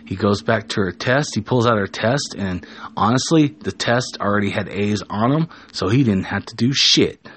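A man's voice: lowish voice, normal speed, a bit bright, husky. A man casually telling an improvised story, often stopping and correcting himself. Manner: casual, with frequent restarts and self-corrections. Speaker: storyteller and show host.

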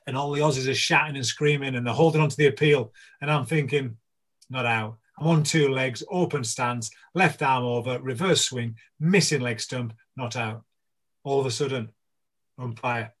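A middle-aged man from England, a former cricketer, chatting casually as an interview guest and telling stories with acted-out voices of teammates. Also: mid-range voice. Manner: animated storyteller, acts out voices of teammates.

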